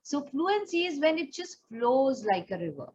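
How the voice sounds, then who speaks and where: A woman's voice: sits high, big pitch swings, moderate pace, darkish tone, muffled recording, a little hiss or hum. A woman with an Indian English accent giving a patient, explanatory coaching lesson, now and then slipping into Hindi phrases. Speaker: pageant trainer.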